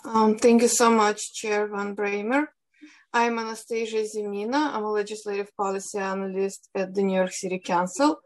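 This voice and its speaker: A woman with a Russian accent, a policy analyst, moderates a council hearing over a video call. In a steady, mid-range voice she reads formal procedural instructions in a measured way, though the audio is poor.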